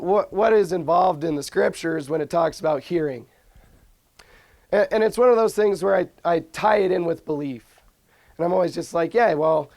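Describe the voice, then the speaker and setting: A young religious speaker with a slightly high, somewhat mellow voice gives an informal, earnest talk on scripture. He often restarts his sentences and uses fillers, and the recording has no room sound.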